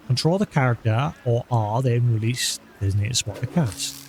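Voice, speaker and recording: A man's voice: medium pitch, animated, normal speed, a little mellow, slight background noise. A man streaming a video game live, chatting casually and coaxing an in-game cat with a playful voice. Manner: chatty, talks to in-game cat, baby-talk and meowing. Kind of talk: live gameplay commentary.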